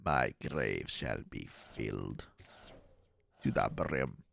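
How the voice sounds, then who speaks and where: A man putting on a slow, dramatic vampire count voice, menacing and grandiose. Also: a bass voice, animated, creaky, a bit bright, dry recording, voice pushed down, exaggerated voice.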